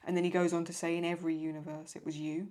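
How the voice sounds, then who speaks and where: A woman's voice: on the low side, level tone, racing, a little mellow. A woman chatting casually as a video host, rambling through viewer questions and often stopping to apologize or paraphrase. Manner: rambling, paraphrasing lines, apologizes for getting stuck. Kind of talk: casual chat.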